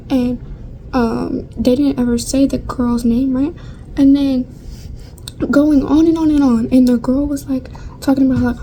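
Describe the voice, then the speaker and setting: A woman's voice: sits high, fairly even intonation, normal speed, dark tone, a little hiss or hum, rough recording. A young woman vlogger chatting casually through a storytime while getting ready, rambling with lots of fillers and casual swearing.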